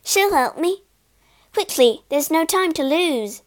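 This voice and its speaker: A woman reading a storybook aloud, voicing an anxious young princess who is secretly in love, in a high, earnest, pleading voice. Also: lively intonation, takes it slowly, exaggerated voice. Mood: eager.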